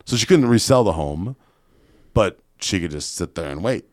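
Very deep-voiced blunt man telling stories. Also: expressive, moderate pace, a little mellow, dry recording, clean studio sound. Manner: blunt and profane, acts out other people's lines. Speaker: guest entrepreneur. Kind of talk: casual podcast storytelling.

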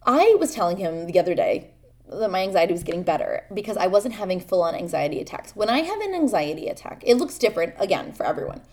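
A young woman hosting a podcast, talking candidly and haltingly about her own struggles, earnest and vulnerable, with many fillers and restarts. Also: medium pitch, big pitch swings, darkish tone. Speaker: podcast host. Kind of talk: personal confessional talk.

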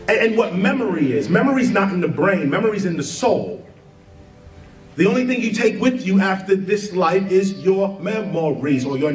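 A man hosting a podcast, leading listeners through a spiritual exercise in an earnest, animated way and laughing at his own asides. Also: fairly high pitch, echoey room, distant mic, poor audio. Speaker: podcast host. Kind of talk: spiritual talk with guided exercise.

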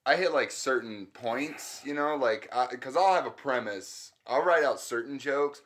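A man's voice: mid-range voice, a little slow, a bit bright. A man chatting casually as a stand-up comedian, rambling through his thoughts with restarts and swearing. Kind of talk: casual chat.

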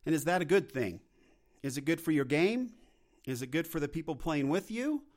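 A man's voice: on the high side, lively intonation, moderate pace, a little mellow. A man in his forties hosting a solo podcast, talking in an intense, earnest, rambling way with many restarts. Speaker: podcast host. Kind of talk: casual solo podcast talk.

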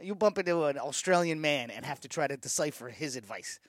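A man's voice: fairly high pitch, lively intonation, fairly quick, no room sound, clean studio sound. A man co-hosting a trivia podcast, his voice swinging widely up and down as he talks. He jumps in eagerly with strong opinions in loose, casual chat.

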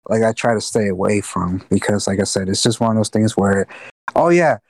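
A man's voice: lowish voice, fairly quick, darkish tone, no echo. Podcast co-host, man, casual and rambling, swears a lot, dry close mic. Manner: rambling, loses his train of thought, swears freely. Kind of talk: casual chat.

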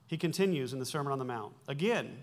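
This pastor, a man in his forties, talks fast with lively intonation at a medium pitch. Preaching, he explains Greek vocabulary in a casual tone, catching his own mistakes and tossing in wry comments.

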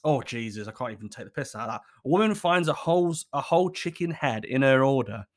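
A man's voice: mid-range voice, animated, fast. A man, hosting a casual solo podcast from home, cheeky and sweary, laughing at his own jokes. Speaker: podcast host.

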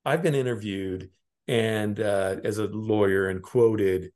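Low-voiced middle-aged man telling rambling stories. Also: a little mellow. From Alaska, United States. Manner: rambling storyteller, halting restarts, chuckling asides. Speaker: interview guest, lawyer. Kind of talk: casual interview conversation.

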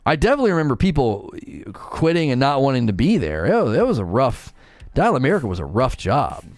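A man talks fairly quickly on a dry recording while gaming live. Chatty, he reads viewers' messages aloud and answers them, his pitch swinging in an animated way.

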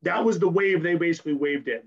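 A strength coach, a man, explaining his training program in rapid, technical detail in a podcast interview while hoarse from losing his voice. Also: on the high side, highs cut off. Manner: rapid and technical, keeps tagging "right?".

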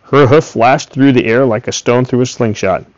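A man reading a first-person story aloud in a steady, plain way. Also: mid-range voice, normal speed, no echo. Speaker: audiobook reader. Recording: dull, dry recording.

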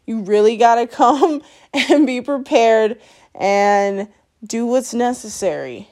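On her own podcast, a woman rants bluntly and profanely at her listeners, scolding them and laughing between lines. Her voice is fairly high and darkish in tone, and she speaks at a slow pace.

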